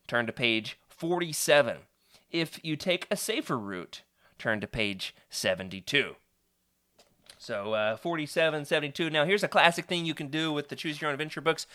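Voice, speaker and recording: A man's voice: mid-range voice, expressive, a little fast, bright, forceful tone. A man hosting a live stream, chatty and playful, reading a choose-your-own-adventure book aloud to his viewers.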